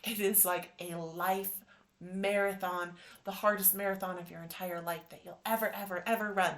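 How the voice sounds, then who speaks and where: A woman in her thirties, hosting a podcast and telling a personal story in an animated, emotional way. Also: fairly low pitch, normal speed. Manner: emotional, animated retelling with acted quotes. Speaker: podcast host.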